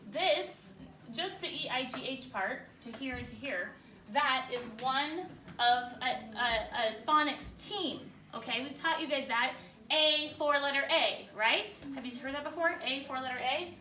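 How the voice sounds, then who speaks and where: Bright, high-voiced woman teaching a classroom lesson. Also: a little slow, slight background noise. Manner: energetic, checks in often with questions. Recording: echoey room, far from the mic.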